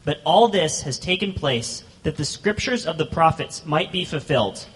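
A man reading scripture aloud in a church service, at a steady, measured pace. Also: a little high, long reverb tail, a little hiss or hum. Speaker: scripture reader.

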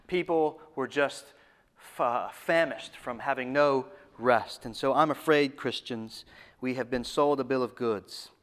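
A man preaching a sermon, repeating phrases for emphasis and often dropping to a low, hushed voice.

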